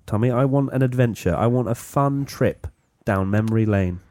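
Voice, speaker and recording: A man's voice: medium pitch, moderate pace, darkish tone, no echo. A man hosting a casual podcast in a small room, jokey and teasing, with restarts. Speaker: podcast host.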